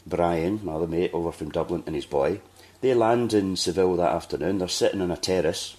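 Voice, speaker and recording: A man's voice: sits low, fairly quick, a little mellow. A Scottish man hosting a podcast, telling a long anecdote in casual chat and acting out the people he quotes. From Scotland. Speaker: podcast host.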